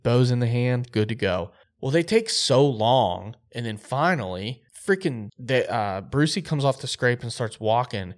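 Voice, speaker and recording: A man co-hosting a podcast, telling a hunting story in an animated, excitable way. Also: medium pitch, unhurried, hardly any pauses. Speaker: podcast co-host.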